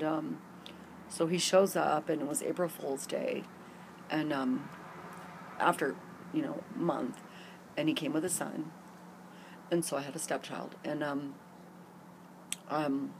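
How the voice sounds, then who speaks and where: A woman's voice: low voice, steady tone, a little slow, vocal fry, long pauses, noisy background. A middle-aged woman telling a long personal story to camera in a rambling, candid way with many fillers, recorded outdoors in a garden. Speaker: vlogger.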